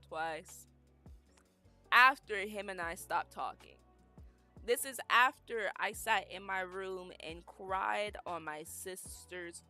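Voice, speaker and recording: Animated young woman, bright forceful voice. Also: on the low side. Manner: animated, emphatic, dramatic retelling. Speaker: streamer. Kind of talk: casual storytelling on a stream.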